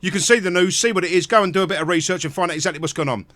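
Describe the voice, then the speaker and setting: Fast, high-voiced man ranting. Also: no room sound. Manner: angry, profane, shouting in bursts. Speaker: live stream host. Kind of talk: ranting live stream chat. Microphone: close mic at home.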